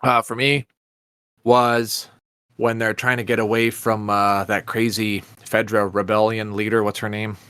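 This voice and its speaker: A young man co-hosting a podcast, casual and animated, swearing often and acting out scenes. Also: on the low side, unhurried, clean tone, no echo, studio quality. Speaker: podcast co-host. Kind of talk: casual chat.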